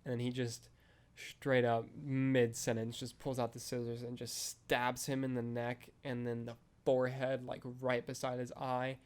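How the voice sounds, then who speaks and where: A young man talks through a film in a loose, rambling podcast chat, dropping "like" and "um" all the time. His pitch sits in a middle range, and his delivery stays flat and even with little rise or fall. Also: a little slow. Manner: rambling, heavy use of "like" and "um". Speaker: podcast host reviewing a film. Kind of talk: casual chat.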